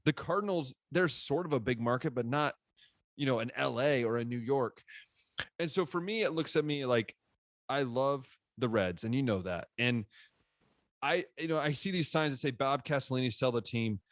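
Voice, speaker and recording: A man's voice: medium pitch, moderate pace, no room sound. Man ranting on a sports podcast. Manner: animated, ranting with frequent restarts. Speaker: podcast co-host. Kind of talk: casual sports chat.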